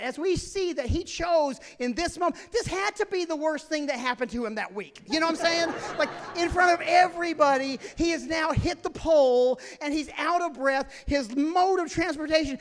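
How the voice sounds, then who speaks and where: A middle-aged man doing stand-up storytelling, animated, swinging between loud shouting and hushed whispers. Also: extremely high pitch. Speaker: stand-up comedian. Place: large theater stage. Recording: reverberant theater sound.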